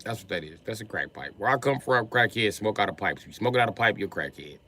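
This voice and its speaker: A man streaming live, riffing through a profane comic rant in an animated, swearing manner. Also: on the low side, fast talker. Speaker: comedian streamer.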